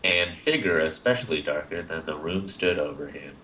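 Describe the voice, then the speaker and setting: A man's voice: rumbling low, expressive, normal speed, pushed and bright, reverberant, a little hiss or hum. A man reading visual novel narration aloud steadily, laughing now and then. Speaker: narrator and co-host.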